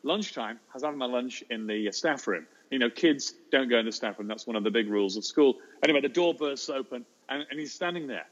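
A man, a teacher telling an animated anecdote in an interview, jumping into high voices for the children he quotes. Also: fast talker, few pauses, lo-fi sound. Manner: lively storyteller, acts out children's voices in high pitch. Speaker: teacher and storyteller guest.

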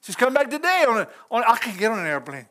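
A middle-aged man with a strikingly high voice leads an informal church sermon. His delivery is folksy and chatty, dotted with chuckles, and he speaks directly to the people in the pews. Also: big pitch swings, racing, a bit bright. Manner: folksy, chuckling, talks straight to the congregation. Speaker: pastor.

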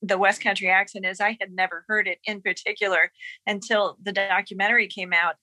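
Bright-voiced woman telling a story. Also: medium pitch, level tone, a little fast, no echo, poor audio. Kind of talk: casual chat.

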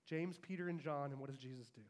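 A pastor preaching to his congregation in a fairly high, light voice. He tells the story with animation and slips into the lines of its characters as he goes. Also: quick pace, darkish tone. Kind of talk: sermon.

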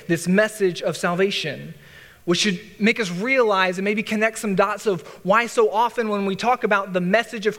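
Man, high voice, bible study teaching, conversational asides, long hall reverb. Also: a bit bright. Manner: conversational, with restarts and "like, hey" asides. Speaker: pastor.

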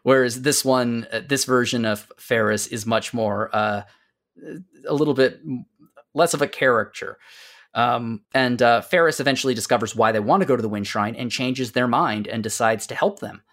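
A man hosting a casual podcast, recapping a game's story with lots of fillers and restarts, dropping to quiet asides. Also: medium pitch, moderate pace. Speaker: podcast host.

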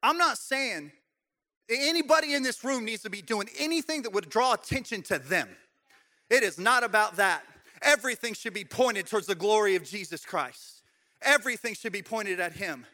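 High, bright-voiced middle-aged pastor preaching. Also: male voice, expressive, moderate pace. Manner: swings from loud shouted exhortation to quiet, intimate talk; conversational and joking, with playful asides. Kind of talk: sermon. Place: church sanctuary with congregation.

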